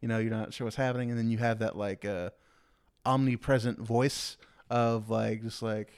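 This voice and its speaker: A man's voice: fairly low pitch, fairly even intonation, moderate pace, smooth. A man co-hosting a casual podcast, rambling with lots of fillers and acting out scenes in playful quoted voices. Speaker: podcast co-host. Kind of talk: casual chat.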